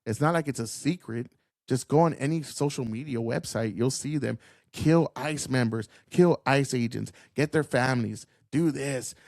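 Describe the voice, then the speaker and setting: A man rants with a gravelly, fry-laced voice, combative and profane. His sound is dry and close. He talks as the host of a commentary show. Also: mid-range voice, normal speed, a little mellow, no echo. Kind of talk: ranting commentary.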